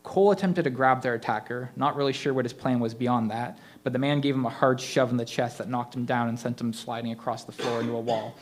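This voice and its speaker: A man's voice: mid-range voice, steady tone, fast, few pauses. Man reading a spooky story aloud. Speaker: open mic reader.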